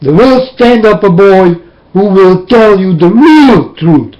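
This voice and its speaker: Brief: high-pitched man, slow and intense, preaching warnings at a webcam. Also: animated, a little mellow, muffled recording. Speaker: self-styled preacher. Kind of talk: webcam sermon.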